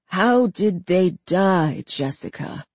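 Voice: mid-range voice, expressive, darkish tone, slightly rough, no echo, full character voice. A narrator voicing a frail, cruel old man who speaks mildly but with menace. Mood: menacing. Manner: slow, mild, menacing delivery. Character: frail old male villain, cruel and calm.

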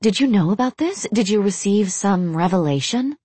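A woman voicing a stern, devout young warrior woman who speaks gravely and gives commands. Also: medium pitch, expressive, moderate pace, dark tone, no room sound.

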